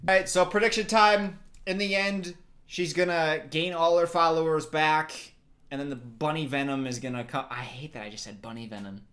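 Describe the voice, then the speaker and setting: A woman's voice: low voice, fairly even intonation, normal speed, a bit bright. A young woman giving casual, profane reaction commentary on a film, swinging between outbursts and laughter.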